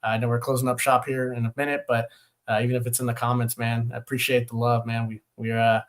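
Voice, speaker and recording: A man co-hosts a relaxed basketball podcast. His voice sits at a middle pitch, and he laughs between points and fills his sentences with "uh" and "man". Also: fast talker. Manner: laughing, filler-heavy, says "man" often. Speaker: podcast co-host. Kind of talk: casual sports chat.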